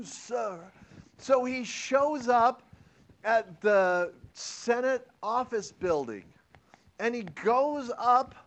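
A man teaches a history lesson in a classroom, his voice sitting a little high and swinging widely in pitch. He jokes with the students and keeps asking them questions as he explains. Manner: animated, joking, and asks the class questions.

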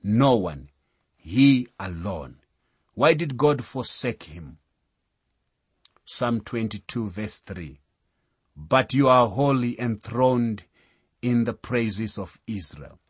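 A man preaching a sermon in a solemn, deliberate way, reading out scripture references. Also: mid-range voice, animated, slightly rough, dry recording.

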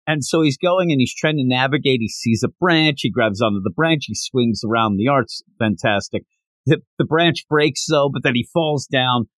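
A man's voice: mid-range voice, moderate pace, a bit bright, dry recording. A man hosting a podcast, chatting animatedly as he retells a manga chapter. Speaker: podcast host. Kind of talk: casual recap of a manga chapter.

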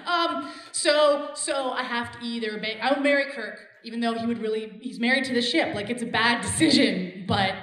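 A woman's voice: on the high side, moderate pace, a bit bright. A woman co-hosting a podcast in casual chat, giggly and emotional, swearing and then apologizing. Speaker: podcast co-host. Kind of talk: casual chat game with friends. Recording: echoey room.

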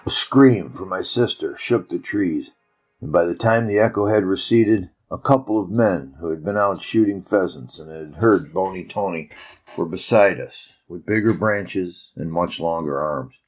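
A man narrating a story with a measured, reflective telling. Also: low-pitched, soft background music, rough recording.

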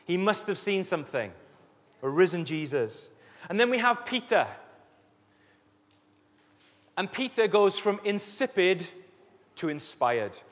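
A man preaching a sermon as a pastor, telling Bible stories in a lively way and acting out the scenes. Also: sits high, moderate pace. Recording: echoey hall reverb.

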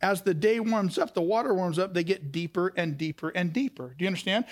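A man with a strikingly high-pitched voice preaches a sermon, moving through stories and putting direct questions to the congregation. He shifts between hushed, slow stretches and higher, faster passages. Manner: storytelling, direct questions to the listeners. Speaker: pastor.

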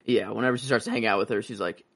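A man's voice: fairly low pitch, racing, a bit bright. A man co-hosting a casual movie-discussion podcast, rambling and acting out scenes in character voices. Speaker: podcast co-host.

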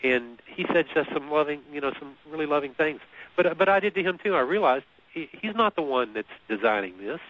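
A man telling a personal story in an easy conversational way. He is animated, often repeats words and laughs at his own story. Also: on the high side, brisk. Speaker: guest. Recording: muffled lo-fi radio recording.

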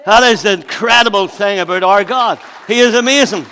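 Male preacher, high bright voice; storyteller who drops to asides and then bursts out loud. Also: lively intonation, moderate pace, in a large hall. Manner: storytelling with acted-out voices, swings between quiet asides and loud emphatic bursts. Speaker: pastor. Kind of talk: sermon.

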